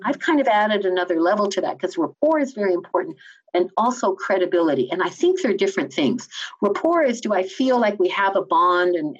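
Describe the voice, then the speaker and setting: An enthusiastic woman from Canada explains her ideas in a lively, teacherly way, as if she were coaching someone. The sound is slightly dull, with a lo-fi edge. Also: fairly low pitch. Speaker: communication trainer. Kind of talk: explaining in a conversational interview.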